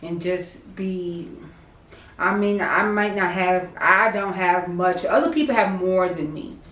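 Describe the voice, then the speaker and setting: A woman co-hosting a casual chat show, speaking in a calm, thoughtful way. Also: fairly low pitch, unhurried. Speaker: co-host. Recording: echoey room, distant mic, faint noise.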